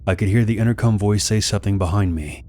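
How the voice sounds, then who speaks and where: A man with a low, deep voice reads a horror story aloud. His delivery is calm and steady, like scripted narration for a scary story channel. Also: fast.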